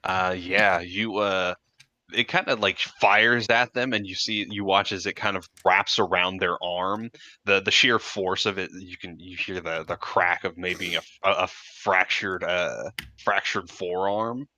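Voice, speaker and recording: A man running a tabletop game as game master, narrating with a halting delivery full of fillers. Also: sits low, steady tone, pushed and bright. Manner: hesitant, many filler words.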